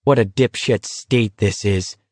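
A man's voice: lowish voice, a little slow, a little mellow, dry recording. A man reading aloud, voicing a big insolent young tough who talks in a crude, sneering, profane way.

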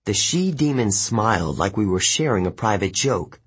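A man narrating an audiobook in the first person, telling the story in a steady, even way. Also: lowish voice, normal speed, few pauses, slightly rough.

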